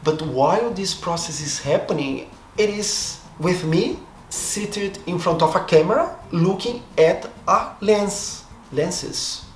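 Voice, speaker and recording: At a measured pace, a man with a high-sitting voice gives a casual monologue to his camera from a seat. He's a Brazilian vlogger and native Portuguese speaker with a Brazilian accent, reflective and hesitant, often halting to restart and rethink. The recording has room echo and faint background noise.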